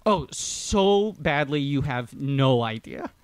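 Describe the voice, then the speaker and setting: A man's voice: medium pitch, animated, smooth. A man, an actor appearing as a podcast guest, riffing wryly about a movie. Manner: quick, wry and riffing. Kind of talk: casual comedic movie discussion.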